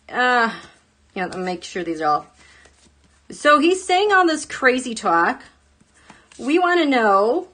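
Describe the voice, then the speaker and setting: A woman hosting a casual live tarot stream, chatty and animated, often laughing and jumping up into high exclaims. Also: a little slow, pauses often. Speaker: tarot reader host.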